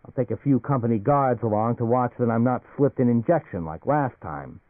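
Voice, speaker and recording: A man's voice: mid-range voice, animated, fairly quick, no room sound, lightly acted. A man voicing an anxious male business executive who talks in agitated, rising outbursts. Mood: resolved. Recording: phone-like narrow band, dry.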